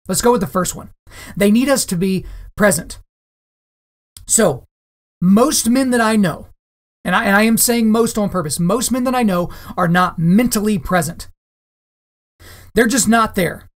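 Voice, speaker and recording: With a high, expressive voice at normal speed and frequent pauses, a man hosts a solo podcast. He talks emphatically and directly to his audience, addressing them as guys and repeating phrases for stress.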